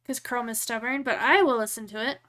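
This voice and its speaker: A young woman streams live in a voice on the high side and a bit bright. She chats casually, joking at her own expense with quick laughs.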